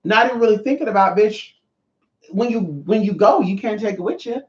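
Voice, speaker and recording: Sassy, expressive man in his thirties. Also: fairly quick. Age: 30s. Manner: sassy, expressive, swings pitch a lot. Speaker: livestream host. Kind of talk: casual livestream chat. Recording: roomy dull lo-fi sound.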